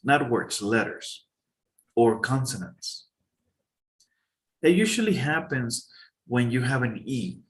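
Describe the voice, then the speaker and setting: A man teaching an English pronunciation lesson in a casual, halting way, checking in with his students. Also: medium pitch, very animated.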